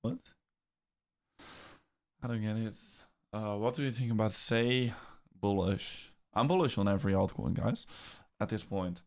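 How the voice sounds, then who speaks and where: Brief: young Dutch-accented male streamer, lowish pitch, loose, chatty, stumbling restarts. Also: unhurried, darkish tone. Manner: chatty, repeats words, restarts sentences. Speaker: crypto livestream host. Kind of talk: casual livestream chat reading comments.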